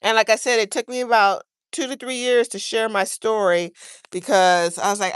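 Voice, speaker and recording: A woman's voice: mid-range voice, fairly even intonation, normal speed, clear, resonant tone, dry recording. Woman, livestream host, chatty and rambling, earnest, mid-range voice, dry sound. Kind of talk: casual livestream chat. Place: home garden, outdoors.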